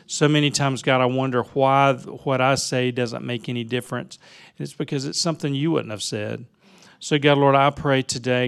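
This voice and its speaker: A man's voice: mid-range voice, fairly even intonation, normal speed, vocal fry, clear, resonant tone. A man in a church leading an earnest spoken prayer for the speaker.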